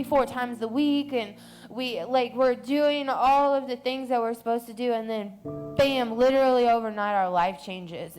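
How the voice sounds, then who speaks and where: A woman's voice: fairly high pitch, a little mellow. A woman who works as a peer coach in recovery speaks candidly and personally in a documentary interview.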